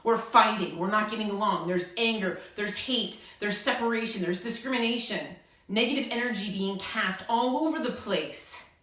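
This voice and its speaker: An American young woman with a mid-range, slightly bright voice speaks at normal speed in a very echoey room. Running a self-styled spiritual channel, she delivers an urgent, emphatic monologue to camera, pleading and repeating herself for emphasis.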